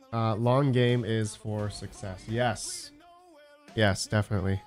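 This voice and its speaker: A man's voice: lowish voice, steady tone, slow, faint music behind. Rambling man hosting a mining livestream. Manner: rambling, searching for words, many fillers. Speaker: crypto mining channel host. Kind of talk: casual livestream chat.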